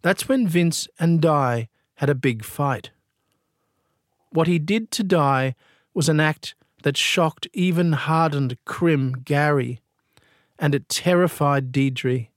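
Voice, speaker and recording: A man narrates a true-crime story, grave and deliberate. He speaks slowly, with a slightly raised pitch and a dry, close sound. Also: dry recording.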